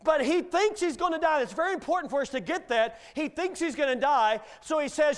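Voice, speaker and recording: A man's voice: very high voice, a little fast, hardly any pauses. A middle-aged male guest preacher delivering a sermon in a folksy, joking manner.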